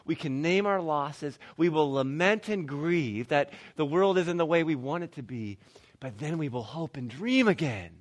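Bright high-pitched guy preaching, gets loud then goes real quiet, laughs a lot. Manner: animated, swinging from loud to hushed; laughs between lines, frequent restarts. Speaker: pastor. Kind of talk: sermon.

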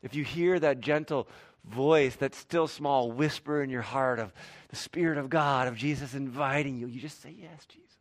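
A man preaching a sermon and leading a closing prayer in a church, swinging from hushed, soft lines to loud, emphatic declarations. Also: medium pitch, moderate pace, dry recording, clean studio sound. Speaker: pastor. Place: church sanctuary.

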